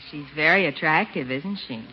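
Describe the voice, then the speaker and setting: A woman's voice: sits low, normal speed, lightly acted. An actress playing a cool, teasing girlfriend in a 1940s radio comedy, dry and wry. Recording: dull old radio broadcast with faint hiss.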